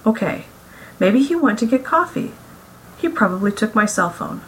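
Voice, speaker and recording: A woman puts on a lovesick wife whose voice climbs high and bright as panic takes over. She pleads in quick, rising bursts and reaches higher than a plain reading voice would. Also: expressive, a little hiss or hum, low-quality recording. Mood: frantic. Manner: pleading, talking faster and faster. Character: frantic, lovesick woman searching for her husband.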